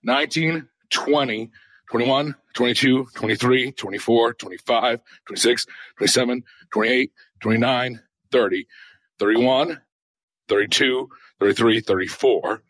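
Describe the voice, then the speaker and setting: A man's voice: medium pitch, a little slow, a bit bright, dry recording. A man calling in to a podcast, out of breath and suffering from a cold. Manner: breathless counting stairs. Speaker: caller. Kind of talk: casual call-in chat.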